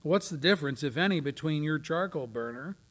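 A man preaching a sermon, swinging from loud, declaiming readings to near whispers. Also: a little high, animated, brisk. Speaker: pastor. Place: church.

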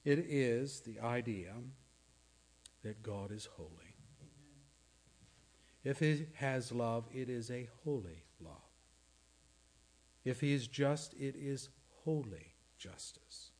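Slow-spoken male pastor preaching. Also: medium pitch, lively intonation, darkish tone. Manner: earnest, questioning the congregation, dropping to a near-whisper for emphasis. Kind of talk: sermon.

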